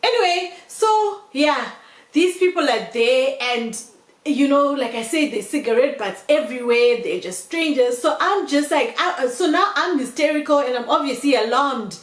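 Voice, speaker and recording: A young woman vlogger telling a storytime tale in an animated way, often calling her viewers "guys". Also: high-pitched, normal speed. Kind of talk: storytime vlog. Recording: roomy echo.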